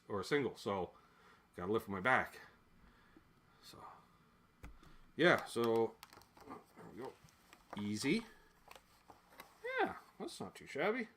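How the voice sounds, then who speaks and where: A man's voice: medium pitch, pushed and bright. A man from Canada chatting casually while unboxing old music gear, rambling, joking and swearing, and often drifting from the mic as he moves around. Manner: rambling, jokey, swears freely, voices quoted people. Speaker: gear vlogger.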